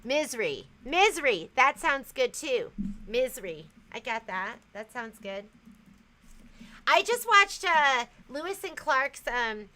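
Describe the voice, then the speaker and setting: A woman's voice: sits high, expressive, takes it slowly, sharp tone, rough recording. A woman hosting a casual livestream, chatting loosely and reading viewer comments aloud, often trailing off and restarting. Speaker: livestream host.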